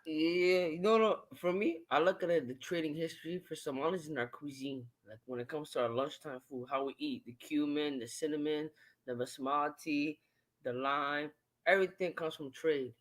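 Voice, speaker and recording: Young man in casual debate, insistent, slightly high pitch. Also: a bit bright, rough recording. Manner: measured, insistent. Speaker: panel speaker.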